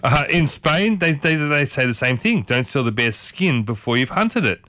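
A man's voice: on the high side, animated, moderate pace, pushed and bright, no echo. A man hosting a morning radio show, chatting casually and playfully, often restarting his sentences. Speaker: radio host. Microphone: studio microphone.

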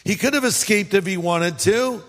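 Californian male pastor, high-pitched, chatty humorous preaching, reverberant hall. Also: normal speed, a bit bright. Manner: conversational preaching with acted-out quotes and humor. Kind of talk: sermon.

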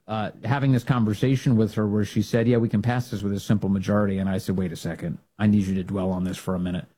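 A man hosts a political talk show, delivering commentary in an emphatic, rallying style that swings into loud, high bursts.

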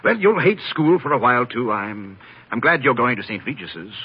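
A raspy, genial old monsignor. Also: male voice, mid-range voice, sing-song, moderate pace. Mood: amused, genial. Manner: warm, knowing, amused. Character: genial, worldly older Catholic monsignor. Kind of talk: 1940s radio acting. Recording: lo-fi vintage radio broadcast.

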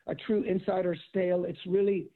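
A man's voice: high voice, brisk. A middle-aged man, a former football coach and author, telling stories in casual conversation and acting out quotes. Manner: animated storyteller acting out quotes. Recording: tinny phone-like audio.

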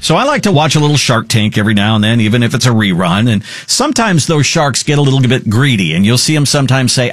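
Radio host guy, really lively up and down voice, dry close sound, leans on the numbers. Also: mid-range voice, fast, no echo. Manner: emphatic, stretches key numbers. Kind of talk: radio talk show hosting.

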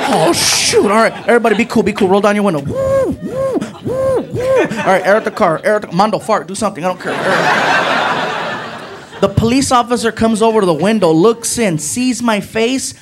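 A male stand-up comedian telling an animated, crude story on a club stage and acting out the voices of the people in it. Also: high voice. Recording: echoey club recording with noise.

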